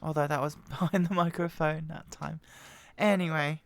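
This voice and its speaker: Woman, hoarse with a cold, halting and quiet, smooth tone under the strain. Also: fairly even intonation, no echo. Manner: quiet, halting, voice wobbling in pitch. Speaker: Bible reader. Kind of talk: slow scripture reading. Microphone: very close to the microphone.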